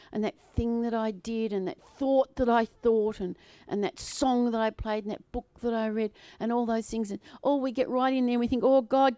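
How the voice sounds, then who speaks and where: A woman preaching a sermon to a congregation in an animated, playful way, often laughing and acting out voices. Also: a little high, dry recording. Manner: acts out quoted voices.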